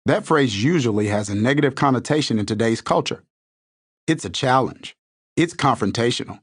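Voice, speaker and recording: A man's voice: mid-range voice, lively intonation, normal speed, slightly rough, no room sound, studio quality. A man reading an inspirational self-help book aloud in a scripted, earnest style, building his points through rhetorical questions. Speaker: audiobook narrator.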